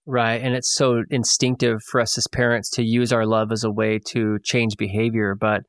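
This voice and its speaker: A man's voice: on the low side, little pitch movement, normal speed, no echo. Friendly male host, reflective and affirming, dry sound. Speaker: podcast host. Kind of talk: casual interview conversation.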